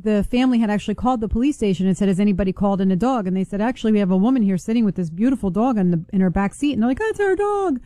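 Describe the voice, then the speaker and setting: A middle-aged woman calling in to a talk show and telling a story at a quick, chatty pace. Her voice is warm and mellow, and the sound is dry and close. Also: medium pitch, animated, no room sound. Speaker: caller. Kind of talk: casual storytelling.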